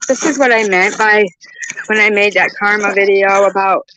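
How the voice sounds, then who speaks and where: A woman's voice: mid-range voice, steady tone, moderate pace, bright, forceful tone, slight background noise, poor audio. A woman venting outdoors beside her car, swearing, her voice breaking into tears. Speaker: vlogger. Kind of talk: tearful venting monologue. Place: outdoors by her car in hot humid weather.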